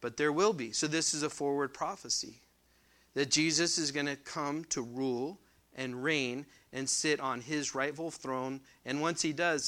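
A man preaching a sermon as pastor. He reads scripture loudly and slowly, then explains it in quick, conversational asides and asks the congregation questions. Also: on the high side. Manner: addresses the congregation directly with questions. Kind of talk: expository sermon.

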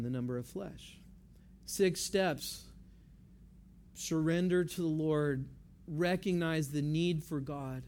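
A man's voice: fairly high pitch, darkish tone. A man preaching a sermon, talking to the congregation in an easygoing way and repeating key phrases for emphasis. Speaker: pastor.

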